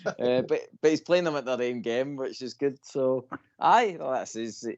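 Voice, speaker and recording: A man's voice: mid-range voice, expressive, moderate pace, a little mellow, no room sound, muffled recording. A Scottish man calling in to a fan radio show, rambling and repeating himself. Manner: repetitive, keeps saying "like I says". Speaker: caller. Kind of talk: phone-in chat.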